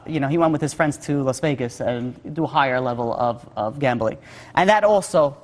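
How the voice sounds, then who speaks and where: A male rabbi telling a story in a sermon, casual with lots of "like" and "you know". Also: fairly high pitch. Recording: long hall reverb.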